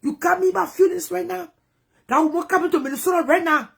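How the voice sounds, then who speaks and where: A woman with a strongly Liberian English accent pours out a personal story in a vlog monologue. Her voice sits very high, and she swings between near-whispered asides and sudden loud bursts as she tells it. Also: fast, creaky. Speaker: vlogger.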